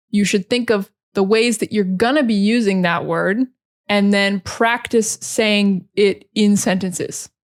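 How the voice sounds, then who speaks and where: American woman teaching pronunciation slowly. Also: medium pitch. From United States. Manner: slow, clearly articulated drills with repeated model words.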